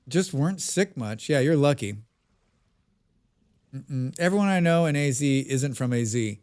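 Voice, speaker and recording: A man's voice: medium pitch, expressive, measured pace, long pauses, darkish tone. A man streaming a survival game, chatting casually with his viewers and answering their messages. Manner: chatty, reads and answers chat. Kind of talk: casual live-stream chat.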